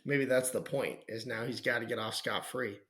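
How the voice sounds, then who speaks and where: A man's voice: medium pitch, steady tone, moderate pace, a bit bright. A man in casual podcast movie chat, adding short dry and wry remarks.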